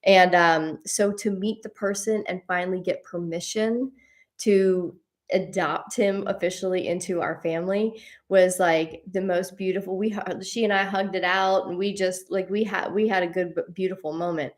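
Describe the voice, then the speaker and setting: A woman's voice: on the low side, fairly even intonation, moderate pace. A woman hosting a spiritual series, telling a personal story casually, rambling with frequent restarts and laughs. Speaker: host of a spiritual journey series.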